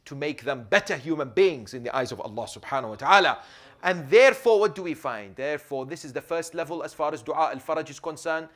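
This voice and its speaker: A man giving a religious lecture in a mosque, telling a story with big swings between soft low asides and loud raised points, often checking in with "Yes?". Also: sing-song, a little fast. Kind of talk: sermon. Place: mosque hall.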